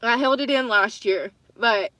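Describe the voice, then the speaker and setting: A woman's voice: a little high, unhurried, sharp tone, no room sound. A woman on a livestream, ranting angrily with a lot of swearing and repeated phrases, sometimes close to tears. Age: adult with children. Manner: angry, swearing, repeating herself. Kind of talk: emotional livestream rant. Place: in her car.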